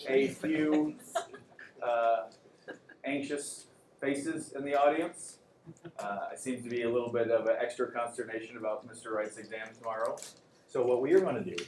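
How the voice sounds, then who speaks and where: Man, classroom lecture, casual and joking, quizzes students, middle pitch, echoey room. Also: darkish tone, a little hiss or hum. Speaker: anatomy and physiology instructor.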